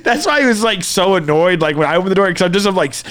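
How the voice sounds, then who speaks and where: A man's voice: high-pitched, fast talker, hardly any pauses, a bit bright. A man, co-hosting a casual chat and telling a long story, acting out every quote and swearing freely. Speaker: podcast co-host.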